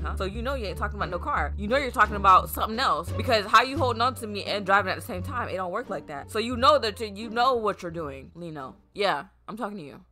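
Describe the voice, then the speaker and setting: A woman vlogger reacting to a music video in a dramatic, exclamatory, teasing way while crying. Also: medium pitch. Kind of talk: casual reaction chat. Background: music playing.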